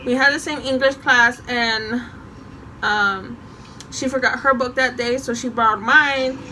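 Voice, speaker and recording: A young woman tells a story from her school days in a high, bright voice, animated and laughing as she goes. There is a faint hiss of noise under her voice. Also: a little slow, rough recording. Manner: animated, laughing and swearing while telling the story. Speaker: vlogger telling a story. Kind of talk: casual storytime.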